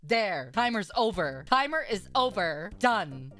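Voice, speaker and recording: A woman live-streaming who shrieks and shouts, then drops to low muttered asides. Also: big pitch swings, a little slow, music in the background.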